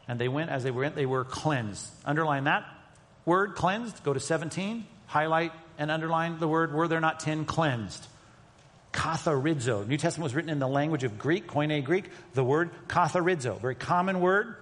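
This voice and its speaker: Man, pastor, sermon, emphatic, hushed asides, fairly high voice, long hall reverb. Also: moderate pace. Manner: emphatic, shifts between loud and hushed delivery.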